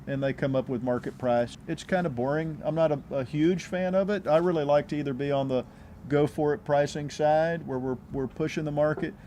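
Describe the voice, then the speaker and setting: A man's voice: medium pitch, mellow. Easygoing man, faint background hiss. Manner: easygoing, restarts phrases often. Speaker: real estate agent. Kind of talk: casual interview answers.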